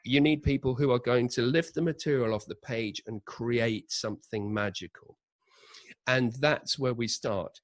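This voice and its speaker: A man, a director, telling production anecdotes in a relaxed interview and acting out the quotes he recalls. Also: mid-range voice, a little slow, no room sound. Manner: animated anecdotes with acted-out quotes. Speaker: audio drama director, interview guest. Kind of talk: conversational interview storytelling.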